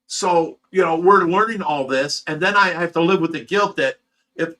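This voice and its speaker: A man speaks straight to his viewers, retelling a hard personal story in loose, emotional, run-on sentences. His voice sits a little high and comes across bright and pushed. The delivery is raw and unpolished. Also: moderate pace. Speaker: host of a fish rescue channel.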